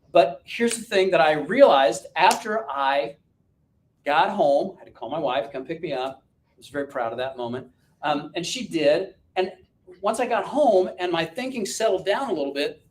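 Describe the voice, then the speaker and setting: A man coaching an audience through a joking, self-mocking personal story, told with lively energy. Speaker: business coach and speaker. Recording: roomy and distant with faint rumble.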